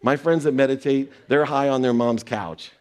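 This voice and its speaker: Speaking at a normal speed with a steady, slightly mellow tone and medium pitch, this middle-aged man delivers a heartfelt motivational talk. He recounts a personal story to pass on lessons and performs the back-and-forth dialogue himself.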